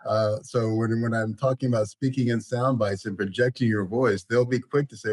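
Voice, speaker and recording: A middle-aged man and college president, a podcast guest telling stories about his career in a measured way with frequent fillers. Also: medium pitch, no room sound. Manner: measured, storytelling, frequent "you know". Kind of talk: podcast interview.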